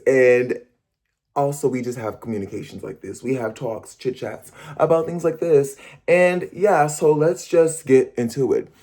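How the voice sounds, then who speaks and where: Animated man chatting to his viewers. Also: fairly high pitch. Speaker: vlogger and performer. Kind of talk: casual chat to camera.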